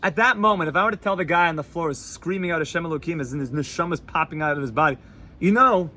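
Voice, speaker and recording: A rabbi with a somewhat high voice gives a loose, lively Torah class in a yeshiva study hall. His speech dips to near hushes and then rises again, with Yiddish and Hebrew terms dropped into everyday English. A faint hum of the room sits behind him. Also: fast. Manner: animated, swings from loud to hushed, laughs easily.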